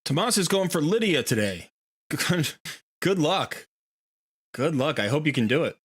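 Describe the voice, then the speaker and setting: Bright-voiced man chatting on a stream. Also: a little high, big pitch swings, measured pace, slightly rough. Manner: rambling, storytelling with playful voiced asides. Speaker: game streamer. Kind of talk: casual livestream chat. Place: home room near a window.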